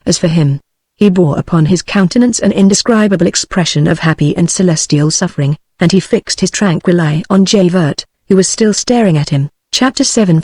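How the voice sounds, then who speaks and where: A woman's voice: on the low side, breathy edge, no room sound. Synthetic British woman reading a novel. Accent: British English. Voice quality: even, mechanical delivery that reads punctuation aloud. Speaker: narrator.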